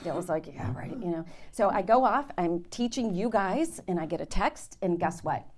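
A woman Bible teacher giving an animated, dramatic testimony to her class, with laughs. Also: fairly low pitch, normal speed, slight background noise. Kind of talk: sermon storytelling.

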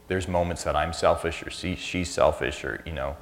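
Deep-voiced man telling stories in a sermon. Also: steady tone, moderate pace. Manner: anecdotal, self-deprecating storyteller. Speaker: church speaker. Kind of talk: conversational sermon.

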